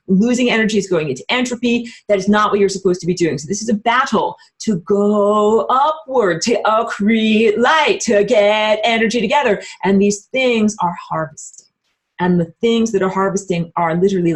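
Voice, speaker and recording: A woman giving a casual online spiritual lecture while she draws, talking bluntly and emphatically, with lots of "like" and some swearing. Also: mid-range voice. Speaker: spiritual teacher.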